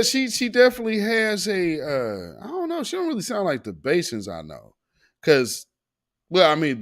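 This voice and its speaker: A man hosts a casual commentary show, reacting to news clips with frequent laughter. He talks slowly, with a lively pitch that leaps high for emphasis, and often breaks off to restart his thought. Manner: laughs often, trails off and restarts, riffs on his own asides. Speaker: show host.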